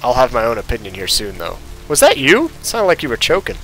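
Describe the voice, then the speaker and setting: A man casually commenting on a video game he plays, animated and laughing often. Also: mid-range voice, fast, soft background music, rough recording. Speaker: game streamer.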